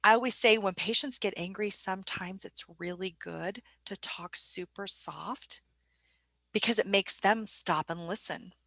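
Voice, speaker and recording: Bright-voiced woman leading a training webinar. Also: mid-range voice, unhurried, vocal fry, dry recording. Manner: conversational, asks the audience questions.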